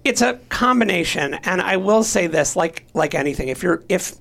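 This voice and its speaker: A man's voice: high voice, lively intonation, moderate pace, gravelly, fairly bright tone. A man who is a podcast guest, telling a story in a casual way and acting out other people's voices. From Los Angeles area, US.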